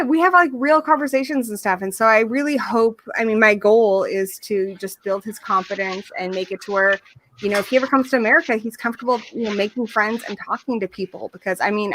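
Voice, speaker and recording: A woman co-hosting a casual podcast chat, energetic and silly, laughing often. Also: medium pitch. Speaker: podcast co-host.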